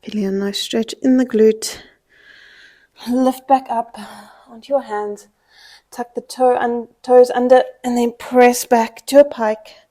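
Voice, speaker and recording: Cueing her workout class, a young pilates instructor gives short instructions and countdowns while out of breath. Her fairly high voice is mellow and level, and she takes her time.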